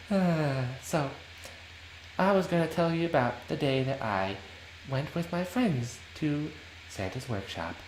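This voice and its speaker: A man voicing a male storyteller who speaks to children softly. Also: on the high side, animated, takes it slowly, long pauses, echoey room, slight background noise, low-quality recording. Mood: hushed.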